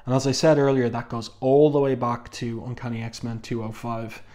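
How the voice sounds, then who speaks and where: A man giving a measured, panel-by-panel review of a comic book, pausing often with "um". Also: mid-range voice, little pitch movement, warm tone. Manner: measured, thoughtful, frequent "um" fillers.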